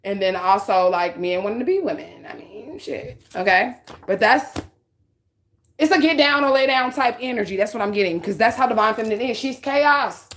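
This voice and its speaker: A woman's voice: fairly high pitch, animated, moderate pace, a bit bright. A woman giving a casual spiritual reading, talking bluntly with lots of swearing and a repeated "okay?" to her listeners. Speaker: psychic reader.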